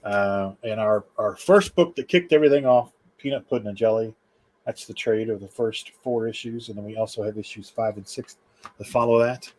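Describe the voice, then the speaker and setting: A man's voice: lowish voice, moderate pace. A man who makes indie comics, chatting as a guest in an easygoing way with many fillers. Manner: easygoing, filler-heavy, relaxed. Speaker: indie comic book creator. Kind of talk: casual chat as guest.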